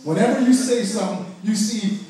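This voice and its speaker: A stand-up comedian from Ohio, a man with a high voice, trades crude, profane punchlines and mocking put-on voices. He is captured from a distance in a comedy club, with heavy echo around every word. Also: brisk, warm tone. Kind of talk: stand-up set. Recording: very echoey club audio from far off.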